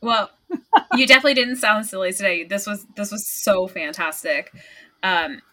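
A woman's voice: medium pitch, normal speed, pushed and bright. A woman hosting a podcast, chatty and enthusiastic. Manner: enthusiastic, chatty, laughs often. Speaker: podcast host. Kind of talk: casual podcast conversation.

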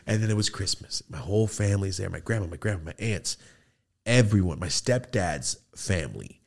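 A man's voice: low voice, expressive, fairly quick, vocal fry. A man in his thirties hosting a podcast, telling a casual, profane story and acting out the quoted voices. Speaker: podcast host. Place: podcast studio.

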